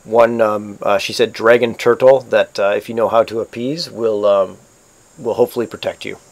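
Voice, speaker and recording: A man with a lowish voice narrates as game master over online voice chat. He talks haltingly, with plenty of fillers and restarts as he describes the scene. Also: steady tone.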